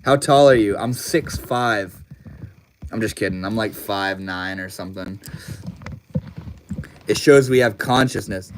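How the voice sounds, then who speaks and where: A man's voice: on the low side, unhurried, pauses often, slight background noise. A young man hosting a casual livestream, talking loosely with lots of slang and swearing and laughing often. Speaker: livestream host.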